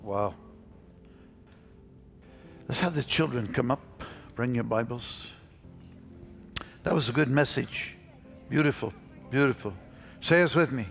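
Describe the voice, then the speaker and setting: Male pastor, coaxing kids through call-and-response, lively gravelly voice. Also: mid-range voice, measured pace, long pauses, soft background music. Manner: upbeat, coaxing, repeats phrases for kids. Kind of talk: leading children in call-and-response. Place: church sanctuary.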